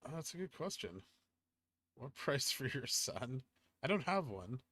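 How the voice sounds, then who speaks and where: A man's voice: mid-range voice, big pitch swings, measured pace, sharp tone. A man hosting a casual livestream, answering viewer chat questions in a laid-back, offhand way. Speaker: livestream host reading chat.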